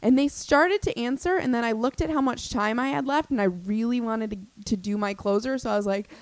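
A young woman in her twenties, a comedian hosting a podcast, telling a story in a rapid, scattered, excitable ramble. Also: a little high, dry recording. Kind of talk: casual storytelling monologue.

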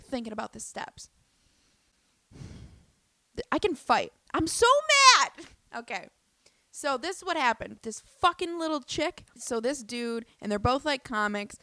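A young woman telling a story in a casual, animated way, swearing often and restarting her sentences. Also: on the high side, dry recording. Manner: animated, profane, lots of fillers and restarts.

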